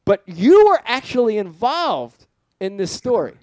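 An excitable male host whose voice swings up and down a lot as he tells stories. He talks loosely and swears now and then. The sound is dry and close. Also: sits high, measured pace, dry recording. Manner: excitable, lively, swears casually, says dude. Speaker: podcast host. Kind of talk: casual podcast chat.

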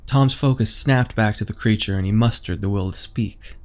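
A man reading a horror story aloud in a measured, suspenseful way. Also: fairly low pitch, darkish tone, faint music behind. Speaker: narrator. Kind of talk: scripted horror narration.

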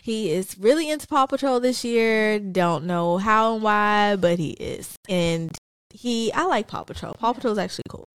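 Lively, chatty mom co-host. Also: female voice, mid-range voice, moderate pace, clear, resonant tone, no echo. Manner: chatty, laughs while telling stories. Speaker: podcast co-host. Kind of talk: casual chat.

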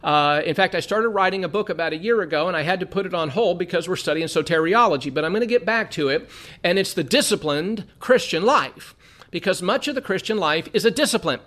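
A man's voice: sits high, expressive, fairly quick, fairly bright tone. A man from Southern California teaching an earnest Bible study lesson, repeating phrases for emphasis.

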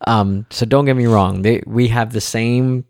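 A man's voice: mid-range voice, a little slow, dry recording. Man rambling through a family podcast, dry sound. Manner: rambling, many fillers and restarts; animated storyteller. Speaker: podcast co-host. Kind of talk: casual chat.

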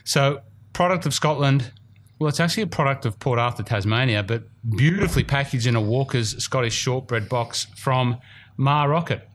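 A man's voice: medium pitch, normal speed, slight background noise. A man with an Australian accent hosting a golf podcast in casual, rambling chat, a bit self-deprecating. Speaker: podcast host. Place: studio room.

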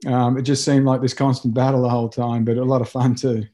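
A middle-aged man with an Australian accent, a rugby coach answering interview questions with lively anecdotes full of restarts. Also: medium pitch, fast talker. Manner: animated anecdotes with lots of restarts and filler.

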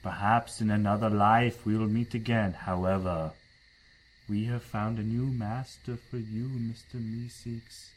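A man speaking in character at a tabletop game, his voice low and unhurried. He talks gravely, as if making a solemn farewell. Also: steady tone, rough recording. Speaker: player. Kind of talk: role-playing in character.

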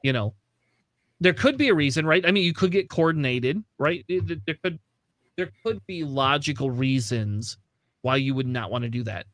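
A man hosting a casual gaming chat, excitable and quick to laugh, swearing now and then. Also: medium pitch, no room sound.

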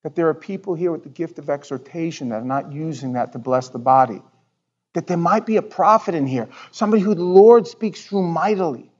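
A male pastor preaching a sermon in a church, talking in an animated, conversational way and often repeating words. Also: high-pitched, muffled recording. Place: church sanctuary.

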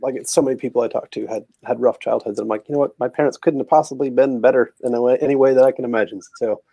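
A man appearing as a guest author on a video call, easygoing and quick to laugh. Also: medium pitch, fairly even intonation, gravelly, dark tone, no echo. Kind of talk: casual interview chat.

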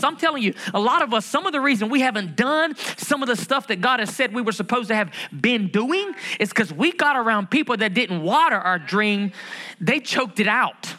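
A middle-aged pastor delivers a sermon. His voice sits high and sounds bright and forceful. He drives points home by repeating phrases and putting questions to the congregation. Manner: emphatic preaching, repeats key phrases, asks the congregation questions.

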